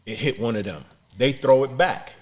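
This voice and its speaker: A middle-aged man speaking as a podcast guest, his voice sitting at an ordinary middle pitch. He tells a rough story bluntly, with plenty of swearing and quick repeated words. His delivery comes across as plain-spoken and unpolished. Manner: blunt, profane, repeats words when excited. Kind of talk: street storytelling interview.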